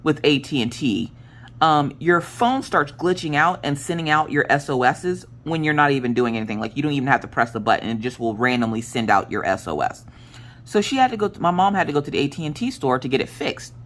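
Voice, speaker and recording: A woman's voice: deep voice, animated, fairly quick. A woman, a craft vlogger chatting casually and telling a dramatic story as she works.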